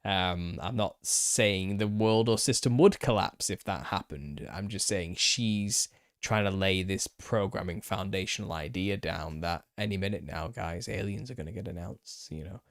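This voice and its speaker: Low-voiced Northern English man chatting. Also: normal speed, dry recording, studio quality. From England. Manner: relaxed, rambling, chuckling, answers viewer comments. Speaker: channel host. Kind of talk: casual live-stream Q&A.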